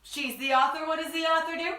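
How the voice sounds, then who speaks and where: A woman's voice: high-pitched, fairly even intonation, fast talker, bright, forceful tone, roomy sound, recorded from a distance. A woman hosting a children's story time, talking in a playful, bubbly way to young kids.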